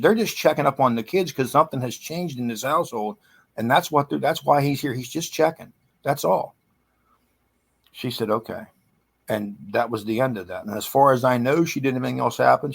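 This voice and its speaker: A man's voice: medium pitch, a bit bright. A middle-aged man casually telling a true ghost story in a rambling, chatty way with frequent restarts. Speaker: guest storyteller.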